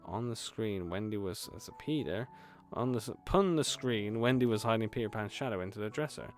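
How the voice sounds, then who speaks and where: A man's voice: lowish voice, a little fast, faint music behind. A man, a gaming streamer, reading a horror visual novel aloud with casual, swearing asides.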